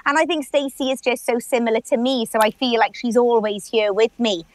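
A woman's voice: a little high, fairly even intonation, brisk, no echo. A woman in her forties with a Swansea Welsh accent, chatting earnestly as an actress guest in a radio interview. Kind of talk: radio interview, casual chat.

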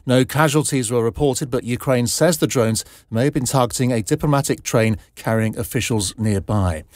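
A man's voice: medium pitch, darkish tone, no echo, studio quality. Formal male radio newsreader. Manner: measured, formal delivery. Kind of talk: news bulletin reading. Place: radio studio.

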